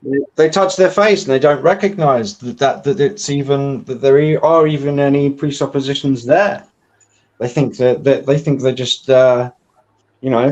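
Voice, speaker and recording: A man's voice: mid-range voice, a little mellow, muffled recording. A British man talking philosophy in a live debate, discursive and heavy with technical terms. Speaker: debate panelist.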